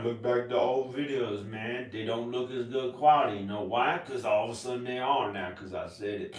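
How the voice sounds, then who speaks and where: A man rambling to camera in a casual monologue, jumping between topics with sudden loud laughing outbursts. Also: mid-range voice, normal speed, few pauses, recorded from a distance. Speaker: vlogger. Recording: echoey room, voice off mic.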